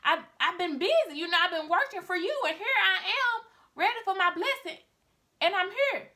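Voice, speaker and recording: An indignant grown son, exclaiming high and flustered as he protests, voiced by a woman retelling a story. The sound is bright and ringing. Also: expressive, normal speed, exaggerated voice. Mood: pleading. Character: adult male hunter son, upset and indignant.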